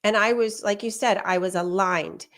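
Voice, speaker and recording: A woman's voice: mid-range voice, moderate pace. Woman, talk show host, fifties, casual storytelling, chatty. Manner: chatty, quotes herself and others in lively asides. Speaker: podcast host. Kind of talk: casual chat, personal storytelling.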